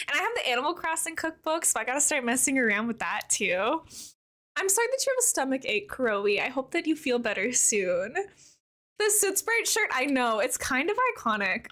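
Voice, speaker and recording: Chatty high-voiced woman streamer. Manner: chatty, greets viewers by name, animated and giggly. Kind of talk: casual live-stream chat.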